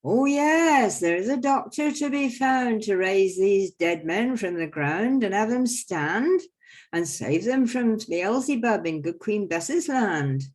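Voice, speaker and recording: A woman's voice: medium pitch, lively intonation, slow, darkish tone, pitched above the performer's own voice. A woman doing a boastful comic quack doctor. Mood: boasting. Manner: rattling off rhymed boasts, showman patter.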